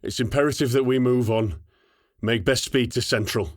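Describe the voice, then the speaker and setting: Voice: mid-range voice, moderate pace, close to an everyday voice. A man voicing a wounded woman captain in a military sci-fi audiobook, giving terse, clipped orders.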